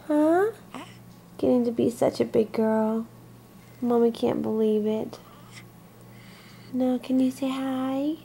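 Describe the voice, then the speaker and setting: High slow mom voice, sing-song baby talk, home camcorder video. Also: female voice, dark tone, husky. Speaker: mother. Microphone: handheld camcorder.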